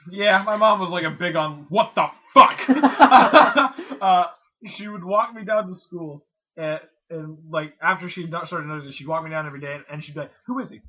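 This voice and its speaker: A man's voice: on the high side, fairly even intonation, fairly quick, bright, forceful tone. A young man co-hosting a casual podcast, telling a rambling story full of swearing and laughter. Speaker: podcast co-host. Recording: muffled lo-fi recording.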